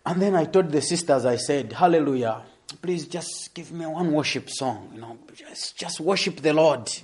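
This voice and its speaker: A young adult man telling a testimony in a sermon, animated and laughing as he tells the story. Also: on the high side, normal speed. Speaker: preacher.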